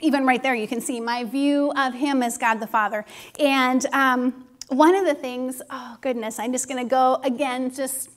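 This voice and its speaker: A woman giving a personal testimony at a church service, speaking in an earnest, intimate, encouraging way and sometimes softening to a hush. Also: high-pitched, steady tone, moderate pace. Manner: earnest, intimate, encouraging, drops to a hushed whisper when quoting God.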